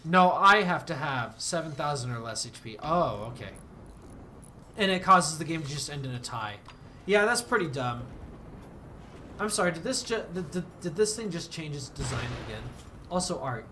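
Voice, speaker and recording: A man's voice: a little high, animated, moderate pace, pauses often, pushed and bright, a little hiss or hum. A man streaming a game, chatting casually and rambling, self-deprecating, with bursts of mock outrage. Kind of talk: casual game livestream commentary.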